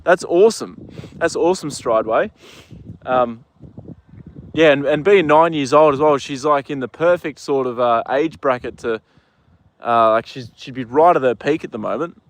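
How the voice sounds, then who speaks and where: Relaxed Australian male host, casual outdoor stream chat, talks to his horse between comments. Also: mid-range voice, moderate pace. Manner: easygoing, chats to his horse and reads viewer comments. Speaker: livestream host.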